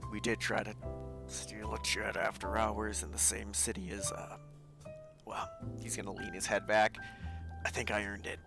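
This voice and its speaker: A man's voice: on the low side, level tone, moderate pace, gravelly, pauses often, over music. A man playing a character in a livestreamed tabletop role-play, with a dry, wisecracking way of talking. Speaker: tabletop game player.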